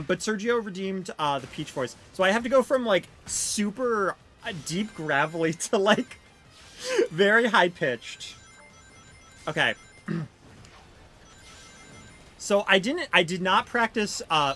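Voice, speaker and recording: Young female streamer, casual and rambling, lively pitch. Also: measured pace, long pauses, faint music behind. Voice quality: fairly deep for a woman. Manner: chatty, self-deprecating, many fillers. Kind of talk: casual live-stream chat.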